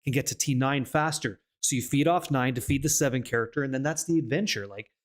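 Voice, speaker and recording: A man from Canada talking bluntly in a casual chat, swearing freely and rambling in quick bursts. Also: mid-range voice. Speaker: guest content creator.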